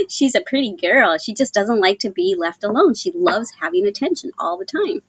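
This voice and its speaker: Middle-aged woman from Texas, live-stream host, chatty with ums and throat clearing, close dry mic. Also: medium pitch, sing-song, unhurried, dry recording. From San Antonio, Texas. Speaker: crochet channel host reading live chat. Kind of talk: casual live-stream chat.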